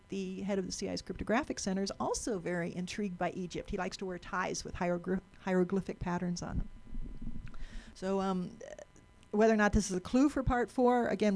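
A woman's voice: mid-range voice, gravelly, darkish tone. A woman giving a talk to a live audience, chatty, asking the room questions and often repeating and restarting words.

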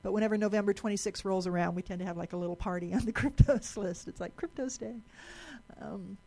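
A woman speaks to a live audience in a lecture room, chatty and explanatory. Her mid-pitched voice has a gravelly edge, and she often restarts and repeats words as she goes. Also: quick pace, mellow. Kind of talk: live presentation talk.

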